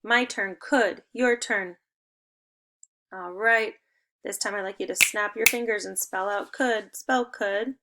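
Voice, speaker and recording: A young teacher with a medium-pitched, sharp-toned voice leads second graders through an online spelling lesson, speaking slowly. Her manner is upbeat and encouraging, and her instructions come clearly, step by step.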